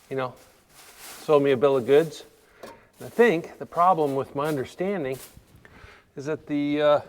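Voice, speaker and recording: A man's voice: mid-range voice, in a large hall. A man talking casually to camera while working on a car, rambling and thinking aloud with lots of fillers. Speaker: car restoration vlogger. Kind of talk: casual workshop talk to camera. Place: home garage workshop.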